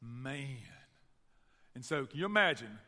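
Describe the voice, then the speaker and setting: A man with a Southern US accent from Tennessee, preaching a sermon and telling stories to his church in an animated way. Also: mid-range voice, measured pace, in a large hall. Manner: storytelling, animated, addresses the church directly. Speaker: pastor. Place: church sanctuary.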